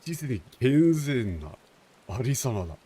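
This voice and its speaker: A young male streamer chatting over his game in an animated, unscripted way. He swears freely and fills pauses with "like". His voice bounces lively between high and low. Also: breathy edge. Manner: animated, profane, many fillers. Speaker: streamer explaining translations. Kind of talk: casual game commentary.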